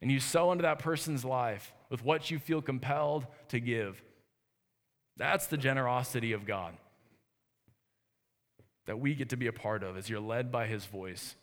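A man's voice: medium pitch, moderate pace, pauses often. A man in his thirties giving an earnest, conversational sermon as a pastor in a church. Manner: earnest, conversational preaching with restarts. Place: church sanctuary. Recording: reverberant hall.

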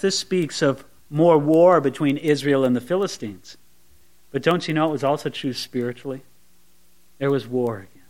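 A man preaching a verse-by-verse sermon, dropping to quiet asides and rising to emphatic peaks, sometimes mimicking gushing prayers. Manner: swings between soft low asides and bright emphatic peaks; voices imagined sweet prayers mockingly. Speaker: pastor. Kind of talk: expository sermon.

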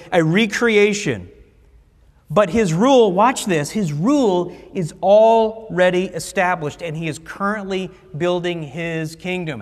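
A man preaching a sermon in a conversational way, repeating key phrases and leading the congregation in call-and-response. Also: high-pitched. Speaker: pastor. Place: church sanctuary. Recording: long reverb of a large hall.

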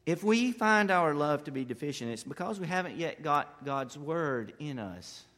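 A man preaching a sermon with passion, building to loud emphatic peaks and then dropping low and quiet. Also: sing-song, normal speed. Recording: long hall reverb.

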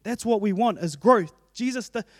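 High-voiced New preacher, earnest. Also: male voice, moderate pace, dry recording, studio quality. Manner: earnest, conversational, personal asides. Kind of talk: sermon.

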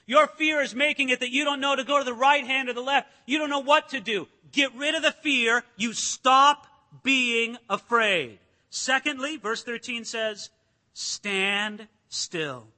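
A pastor preaching a sermon in an emphatic, dramatic way, acting out quotes and rising to shouts. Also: male voice, very high voice, moderate pace, hardly any pauses. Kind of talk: expository sermon. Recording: long hall reverb.

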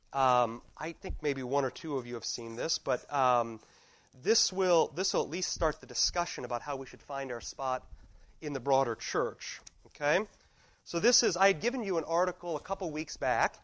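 A man's voice: on the high side, a bit bright, no echo, rough recording. A man, a teacher in his thirties, chatting casually to a class, rambling through anecdotes and cutting himself off mid-sentence. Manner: rambling, anecdotal, self-interrupting.

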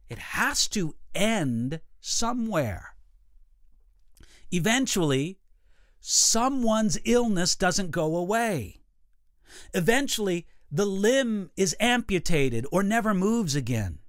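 Animated, high-voiced pastor teaching. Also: male voice, dry recording, studio quality. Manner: measured, emphatic teaching with repeated phrases. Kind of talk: teaching a livestream Bible talk.

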